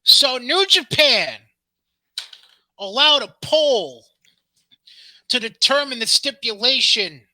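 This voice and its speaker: Bright, profane podcast co-host man. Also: very high voice, takes it slowly, long pauses, no echo. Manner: profane, teasing, lively storyteller. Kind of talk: casual wrestling podcast chat.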